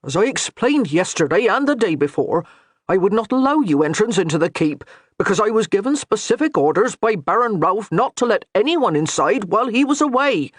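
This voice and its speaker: A man's voice: high voice, big pitch swings, brisk, no echo, clean studio sound, pitched above the performer's own voice. A man voicing a harried but patient castle steward in a medieval audiobook. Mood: earnest. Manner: earnest, strained patience.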